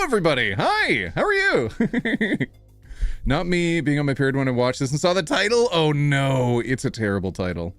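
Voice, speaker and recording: A man hosting a casual live stream from his home office, chatty and excitable, laughing often and squealing with delight. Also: mid-range voice, clear, resonant tone, no room sound. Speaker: livestream host.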